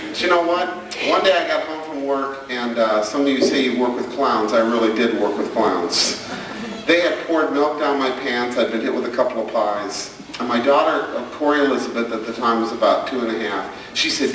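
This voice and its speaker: A man's voice: medium pitch, normal speed, background noise. A middle-aged man giving a humorous stage talk on parenting, telling stories and asking the audience questions. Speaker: speaker on parenting. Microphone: far camcorder. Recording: echoey camcorder recording from far off.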